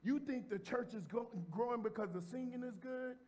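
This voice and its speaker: A pastor preaching a sermon in a church. He talks straight to the congregation in a casual way and repeats phrases as he builds to shouts. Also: extremely high pitch, moderate pace. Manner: addresses the congregation directly and informally. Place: church sanctuary before a congregation.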